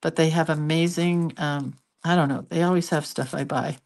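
A woman's voice: sits low, fairly even intonation, moderate pace, darkish tone. An older woman chatting casually on a live stream while she draws, telling stories with giggles and asides. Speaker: hand-lettering artist hosting a live stream.

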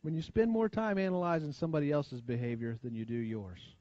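An American man preaching a sermon, talking plainly to his congregation, asking for amens and dropping his voice low and quiet to stress key points. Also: fairly quick, no echo. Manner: conversational preaching, frequent call-and-response asides. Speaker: pastor. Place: church sanctuary. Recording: dull lo-fi church recording.

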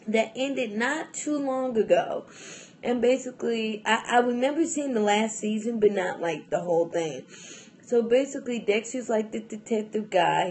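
A woman's voice: medium pitch, a little mellow, a little hiss or hum. A young adult woman vlogging in a casual, rambling chat to camera, full of fillers and restarts and often breaking into laughs.

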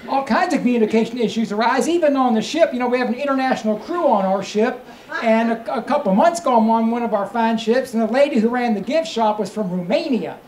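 Echoey stand-up comedian telling stories. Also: male voice, extremely high pitch, animated, fast, darkish tone. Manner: storytelling with punchlines, mock-earnest asides. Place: cruise ship show lounge. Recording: echoey live show room. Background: audience laughter.

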